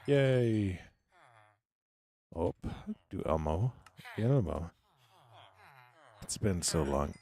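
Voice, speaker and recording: A man with a very low, hoarse voice chats loosely through a live game stream. He rambles to himself and to his viewers, sometimes sliding down into a whisper. The talk is loose and unscripted, with a scratchy edge to the voice. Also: animated, slow pace, pauses often, darkish tone. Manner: rambling, talks to himself and chat; drifts into whispering. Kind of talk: casual live gameplay commentary.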